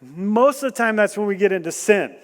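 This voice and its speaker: A man preaching a sermon, animated and joking, asking the room questions and bursting into loud emphasis. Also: high-pitched, a little fast. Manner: animated storytelling with jokes and rhetorical questions. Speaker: guest preacher. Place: church hall. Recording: long church hall reverb.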